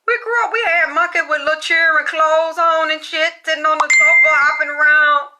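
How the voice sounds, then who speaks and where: A woman's voice: high-pitched, fairly even intonation, moderate pace, very noisy, pitched above the performer's own voice, lightly acted. A woman voicing a young female client who breezily recalls the pet monkeys she grew up with. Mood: breezy.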